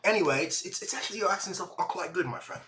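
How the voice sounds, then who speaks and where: A man performing an improvised comedy sketch, teasing, with sudden shouts. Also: high-pitched, expressive, rapid-fire, a crowd in the background. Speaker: improv comedian, show host.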